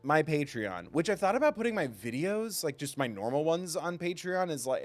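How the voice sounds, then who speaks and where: A man's voice: on the high side, sing-song, normal speed, hardly any pauses. A man streaming a video game live, chatting with his viewers in a playful, self-mocking way and laughing often. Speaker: gaming streamer. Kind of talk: casual live-stream commentary.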